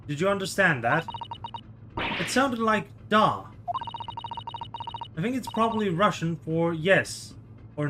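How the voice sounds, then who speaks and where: A man talks through a game playthrough in soft, muttered, wry asides. His voice sits fairly high for a man. A steady hiss runs under the recording. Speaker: let's-play host.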